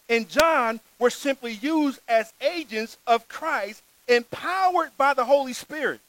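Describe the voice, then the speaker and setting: A man delivers a sermon in an unusually high voice. He reads scripture aloud and preaches earnestly, stressing his key words. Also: a bit bright, slight background noise, low-quality recording.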